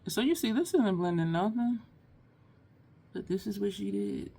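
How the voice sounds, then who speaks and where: A woman's voice: mid-range voice, expressive, normal speed, vocal fry, mellow, slightly rough. A woman filming a casual makeup tutorial at home, chatting to viewers with frequent laughs and teary eyes. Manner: chatty, laughs often, addresses viewers as y'all. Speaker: beauty vlogger.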